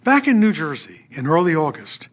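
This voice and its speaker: At a normal speed and with a slightly high voice, this older man, an orchestra's artistic director, narrates scripted personal stories. His delivery is animated, and he acts out what people said.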